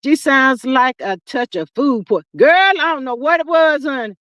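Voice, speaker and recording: A middle-aged woman hosting a livestream, chatting casually with viewers and reading their comments in an animated, talkative way. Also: high voice, normal speed, dry recording, dull audio. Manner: chatty and animated, calls viewers "child" and "y'all". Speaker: livestream host. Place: sitting outdoors.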